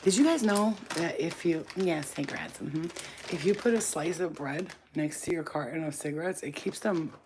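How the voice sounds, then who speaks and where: A woman with a deep voice, a spiritual reader, ranting bluntly and with plenty of swearing in a casual vlog. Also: moderate pace, background noise. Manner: blunt, profane, emphatic. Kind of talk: casual to-camera vlog rant. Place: at home, smoking on camera.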